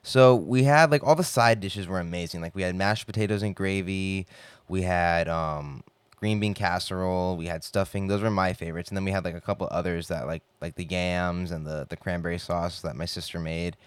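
Young man, low voice, dry close sound, rambling, swearing, casual rant. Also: fairly quick, smooth, dry recording. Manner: rambling, profane, heavy on filler "like". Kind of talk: casual monologue.

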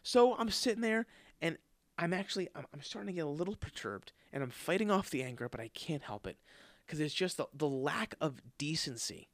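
A man's voice: on the high side, fairly quick, no room sound, studio quality. A man telling a story in a casual monologue, ranting with a lot of swearing. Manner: profane, animated ranting with frequent swearing. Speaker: podcast host.

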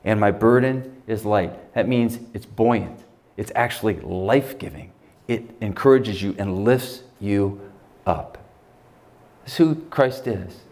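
Conversational American pastor preaching. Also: male voice, lowish voice, measured pace. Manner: conversational preaching, swings from loud emphasis to hushed quotes. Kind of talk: sermon.

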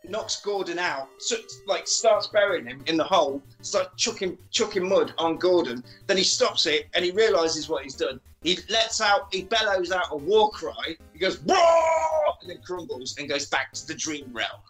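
Animated man recapping with gusto. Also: fairly high pitch, normal speed, hardly any pauses, faint music behind, low-quality recording. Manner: animated, sweary, acts out lines in funny voices. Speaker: podcast host recapping a film. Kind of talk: casual comedic film recap.

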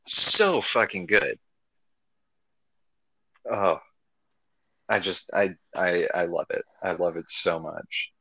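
A man's voice: sits low, fairly even intonation, slow, vocal fry, a bit bright, husky, no echo, low-quality recording. A man co-hosting a podcast, gushing enthusiastically about a show and swearing freely. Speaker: podcast co-host. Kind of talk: casual chat.

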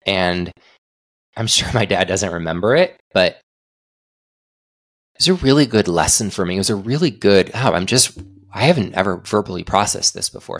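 A man's voice: low voice, normal speed, fairly bright tone, dry recording, studio quality. A young adult man hosting a solo podcast, talking in an earnest, reflective way with frequent restarts. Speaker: podcast host.

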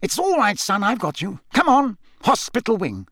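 A battle-worn older ex-soldier from a storybook, brusque yet coaxing, his voice lifted well above the reader's usual pitch, as a man plays him. The recording is close and dry. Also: huge pitch swings, normal speed, fairly bright tone, no echo, exaggerated voice.

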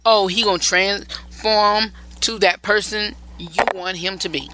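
A woman's voice: medium pitch, fairly even intonation, measured pace, sharp tone, slight background noise, poor audio. A woman hosting a relationship advice show, talking casually, stressing her points by repeating phrases and often rambling and restarting. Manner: loose, rambling delivery with restarts.

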